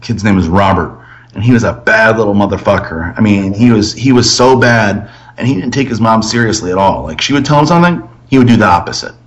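A man hosts a casual podcast conversation, asking questions and telling stories. He is animated and swears freely. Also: on the low side, a little fast, muffled recording. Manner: animated storyteller, acts out voices, swears freely. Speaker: podcast host.

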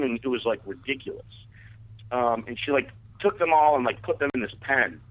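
This radio guest's crude, rambling personal tale comes out fairly quickly in a medium-pitched male voice. He keeps restarting and saying "like" as he tells the long, casual story, and the sound is phone-like radio audio.

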